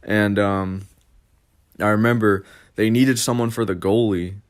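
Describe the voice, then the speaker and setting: A young man with a lowish voice rambles through a casual storytime for his vlog. He leans on constant fillers and curses freely, drifting from point to point. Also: steady tone, measured pace. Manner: rambling, filler-heavy, profane. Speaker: vlogger.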